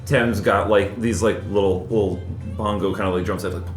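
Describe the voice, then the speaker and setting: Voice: deep voice, steady tone, moderate pace, faint music behind. A player chatting casually through a tabletop game. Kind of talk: tabletop role-play chat. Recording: echoey room.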